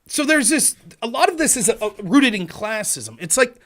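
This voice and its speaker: Male talk host, higher register, lively pitch swings; argumentative monologue, acts out quotes. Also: moderate pace. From Pennsylvania. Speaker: political talk show host. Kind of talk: livestream monologue.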